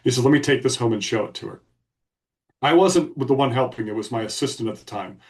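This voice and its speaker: A man's voice: mid-range voice, quick pace, distant mic. Man, podcast co-host, blunt emphatic storyteller, a little off-mic. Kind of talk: casual storytelling.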